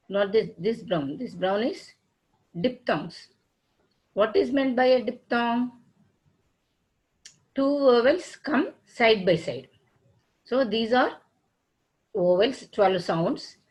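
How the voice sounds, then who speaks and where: A woman's voice: mid-range voice, rough recording. A woman teaching phonetics in a classroom lecture, spelling out letters and words one at a time and restarting her sentences. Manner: repeats herself and restarts sentences.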